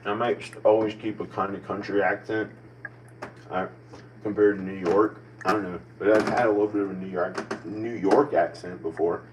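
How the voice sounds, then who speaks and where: Fairly low in pitch and fairly even in intonation, a man in his forties talks at a moderate pace with an American country accent. He wanders through a self-questioning personal ramble, often starting over. A faraway microphone catches him, with a little background noise.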